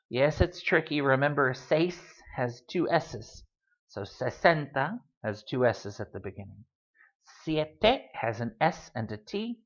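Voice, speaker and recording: A teacher talks through a language lesson in a patient, steady voice at a middle pitch. Words are repeated slowly and carefully for learners to follow. The recording is a little dull and lo-fi. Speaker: Spanish teacher.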